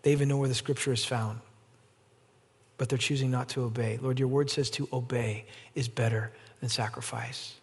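A man preaching an evening sermon as pastor, animated and rising to emphatic peaks, then leading a closing prayer. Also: medium pitch, moderate pace, husky. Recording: long hall reverb.

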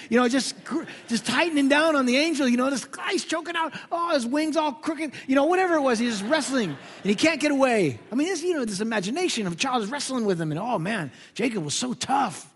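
Man, pastor, preaching, husky tone, high voice, dramatic hush-to-loud delivery. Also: lively intonation, fairly quick, long reverb tail. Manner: dramatic, swings from hushed to loud. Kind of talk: sermon.

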